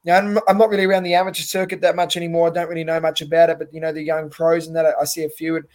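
A young Australian man chatting as a podcast guest, earnest and loose, padding his thoughts with "you know". His voice sits a little high for a man. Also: flat delivery, very fast, darkish tone. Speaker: guest boxer. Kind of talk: casual podcast interview.

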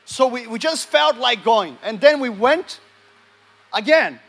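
A man with a notably high voice preaches to a live congregation. He tells a personal testimony, acting out the dialogue. He keeps turning to the crowd with questions. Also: animated, unhurried, vocal fry, a bit bright. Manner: storytelling, acts out dialogue, engages the audience. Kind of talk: sermon with testimony.

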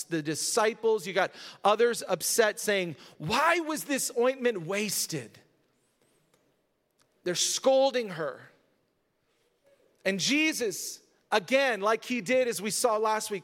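A man's voice: high voice, fairly bright tone. Man, pastor, conversational sermon, emphatic, church sanctuary, long reverb. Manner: conversational preaching, rising to emphatic.

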